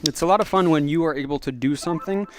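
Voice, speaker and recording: A man's voice: fairly high pitch, fast talker, soft background music. A young man chatting casually on a livestream, rambling with lots of fillers while answering chat. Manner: rambling, filler-heavy, reads chat aloud. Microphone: clip-on magnetic microphone.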